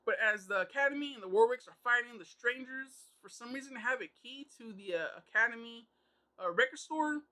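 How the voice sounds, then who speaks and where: A man with a fairly high voice gives a casual spoken comic book review. His tone is bright and forward, and his talk is loose and conversational, full of filler phrases. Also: expressive, brisk, poor audio. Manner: loose and conversational, full of "kinda" and "you know".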